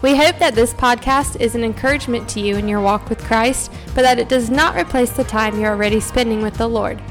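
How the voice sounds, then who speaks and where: A woman reading a scripted podcast introduction in a steady, friendly way. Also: fairly high pitch, fairly quick. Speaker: podcast co-host. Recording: faint music underneath.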